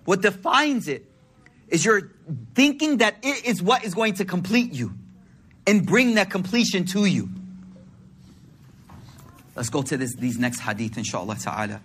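A man's voice: sits high, very animated, a little slow, long pauses, fairly bright tone, slightly rough. A man giving an informal sermon, telling stories with slangy quoted dialogue. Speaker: preacher.

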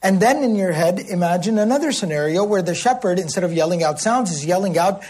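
A man with a somewhat high, husky voice teaches a religious lesson. He breaks down word meanings patiently and keeps checking that his listeners follow. He reels off Arabic recitations at speed. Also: lively intonation, a little mellow. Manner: explanatory, checks in with listeners often; recites Arabic passages quickly. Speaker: Quran teacher.

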